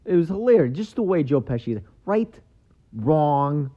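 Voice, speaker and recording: A young man hosting a solo podcast in casual rambling chat, swearing freely and filling pauses with lots of ums. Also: fairly high pitch, sing-song. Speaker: podcast host. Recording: dull lo-fi sound.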